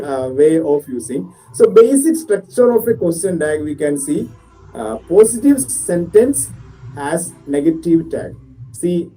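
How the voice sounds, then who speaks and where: Male teacher, Malayali English, dark mellow voice, classroom grammar lesson, mic set back with faint music. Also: on the high side, slightly rough, recorded from a distance, poor audio. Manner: explains patiently, checks understanding with students.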